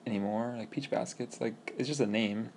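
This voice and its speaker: A man's voice: mid-range voice, fairly even intonation, moderate pace, vocal fry, darkish tone, slight background noise. A man co-hosting a casual podcast, asking playful, joking questions. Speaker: co-host.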